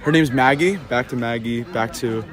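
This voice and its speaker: A man giving relaxed, chatty color commentary on a live game outdoors, praising the players. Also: mid-range voice, normal speed. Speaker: sports commentator. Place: outdoors at a sports field. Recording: loud crowd noise outdoors.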